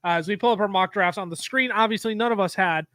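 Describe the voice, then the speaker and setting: A man's voice: sits high, fast, no echo, studio quality. A man co-hosting a podcast, calling out draft picks with energy in a casual chat. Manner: energetic, play-by-play announcing the picks. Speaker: podcast co-host.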